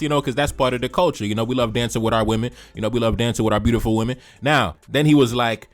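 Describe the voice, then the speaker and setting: A man from Haiti, hosting a music reaction video, talking casually with lots of repeated phrases and shout-outs. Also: mid-range voice, fairly even intonation, quick pace, hardly any pauses.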